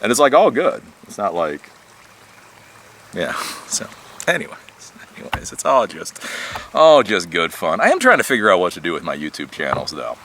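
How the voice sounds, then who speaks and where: A man's voice: sits low, wildly swooping pitch, normal speed, a bit bright, a little hiss or hum. A man hosting his own channel, rambling casually and animatedly outdoors, swearing and laughing now and then. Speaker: tech YouTuber. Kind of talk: casual monologue vlog.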